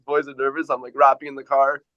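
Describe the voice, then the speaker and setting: A man rambles through a story about his business, full of fillers and restarts. His voice sits at a middle pitch. The sound is close and dry, with a dull lo-fi edge. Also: flat delivery, normal speed, no room sound. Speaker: entrepreneur guest. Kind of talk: casual podcast chat.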